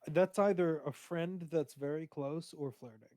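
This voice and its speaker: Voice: mid-range voice, a little slow, dark tone, no room sound. Hesitant speaker with a dry sound. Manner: hesitant, many "um"s, gives earnest advice. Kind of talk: casual chat on a livestream.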